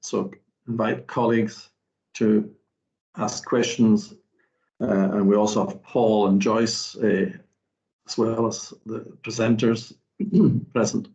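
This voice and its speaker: A man chairing a board meeting, speaking slowly and hesitantly with many fillers. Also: fairly low pitch, fairly even intonation, creaky, darkish tone, lo-fi sound.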